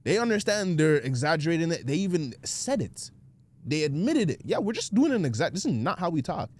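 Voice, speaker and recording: Man co-hosting a podcast; easygoing explainer, voice fairly high and animated. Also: fairly quick. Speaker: podcast co-host. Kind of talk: casual podcast chat.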